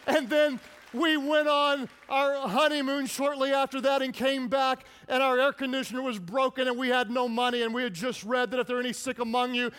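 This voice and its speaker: A middle-aged man, a pastor, preaching a sermon and telling personal stories with humor and hushed intensity. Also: extremely high pitch, flat delivery, fairly quick, clear, resonant tone, in a large hall.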